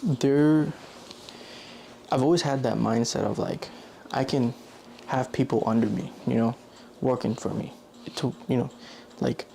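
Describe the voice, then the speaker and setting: A man's voice: mid-range voice, steady tone, measured pace, gravelly, mellow, slight background noise. A young man vlogging in a loose, rambling way, correcting himself often and filling gaps with "like". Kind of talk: casual rambling monologue.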